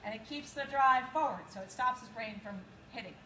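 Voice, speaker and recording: A woman instructor with a slightly high voice runs a dog agility class, explaining drills to students. She coaches in a practical way and breaks into quick cues for her dog. The recording is echoey, with loud background noise. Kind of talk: outdoor training class instruction.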